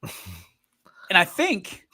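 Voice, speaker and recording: A man co-hosts a sports stream in loose, rambling banter, pitched a little high for a man. He teases his partner playfully and drifts from topic to topic. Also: huge pitch swings, very slow, sharp tone. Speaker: sports show co-host. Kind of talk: casual banter. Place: streaming studio.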